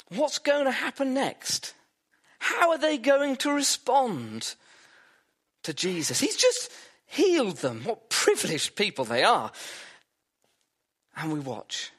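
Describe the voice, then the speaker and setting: Guy preaching, storytelling, voice swoops all over. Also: a bit bright. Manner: storytelling, vivid, drops low for emphasis. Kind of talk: sermon.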